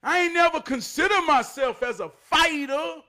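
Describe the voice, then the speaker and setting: Forties guy telling an old fight story, high bright voice, gets loud then goes real quiet. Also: normal speed. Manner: animated, loud bursts, drops to hushed tones. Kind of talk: casual storytelling vlog.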